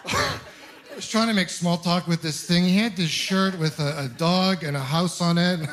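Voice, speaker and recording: A man in his thirties from Ontario doing a stand-up comedy set, telling stories with animated, acted-out voices. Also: on the high side, a little fast. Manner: animated storytelling, acting out voices. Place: comedy club stage with audience.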